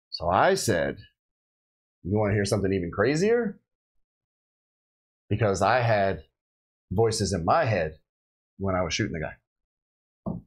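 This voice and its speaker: Man, middle-aged, lowish voice, police officer, casual podcast storytelling, animated quoting. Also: a little slow, long pauses, breathy edge, rough recording. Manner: animated storyteller acting out quotes. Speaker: police officer recounting a shooting.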